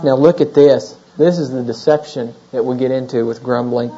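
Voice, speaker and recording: A man's voice: medium pitch, normal speed, warm tone, highs cut off. A man in his thirties preaching a sermon as a pastor, in a conversational style full of "you know?" asides.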